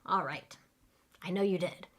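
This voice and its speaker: A woman's voice: lowish voice, measured pace, a bit bright, a little hiss or hum. Patient woman teaching English. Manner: clear, patient, models phrases for students to repeat. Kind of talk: live online English lesson.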